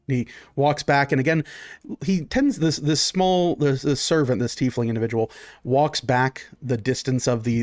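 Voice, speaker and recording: A man's voice: medium pitch, a little mellow, dry recording. A man narrating as game master in a tabletop role-playing game, rambling with many fillers.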